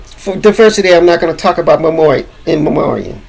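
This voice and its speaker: A man's voice: a little high, fast talker, vocal fry, a little mellow, breathy edge, rough recording. A man giving loose, profane, rambling commentary full of fillers and restarts. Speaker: commentator recapping an awards-show monologue.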